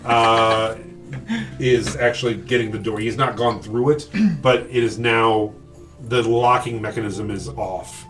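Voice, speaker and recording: A man's voice: on the low side, fairly even intonation, a little slow, fairly bright tone, distant mic, soft background music. A man running a tabletop game as game master, describing scenes with frequent ums and restarts. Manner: hesitant, lots of ums and restarts.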